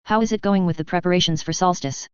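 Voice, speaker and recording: A woman's voice: lowish voice, quick pace, smooth, no room sound, lightly acted. A woman reading the lines of an easygoing male lord who talks in a casual, offhand way, on slightly dull lo-fi audio. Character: easygoing male lord, police captain's boss.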